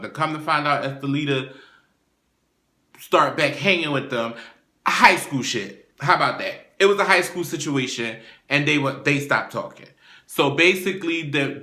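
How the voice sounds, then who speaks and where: A man recapping a reality show in a blunt, profane, gossipy way. His voice is bright and forceful, and it rings in a roomy, echoey space. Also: mid-range voice. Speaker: TV recap host. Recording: roomy echo.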